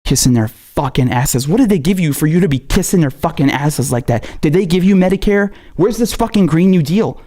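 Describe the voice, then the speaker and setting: A man's voice: a little high, expressive, brisk, hardly any pauses, warm tone. A man not from America, a political commentator, delivering an angry, profane, scolding monologue. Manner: profane, scolding, repetitive and heated.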